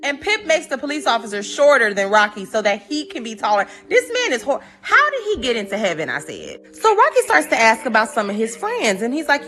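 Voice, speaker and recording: A woman's voice: a little high, brisk, hardly any pauses, faint music behind. A woman host casually retelling a story, acting out the characters' lines with lots of energy. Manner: animated, acts out the characters' lines. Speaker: live stream host.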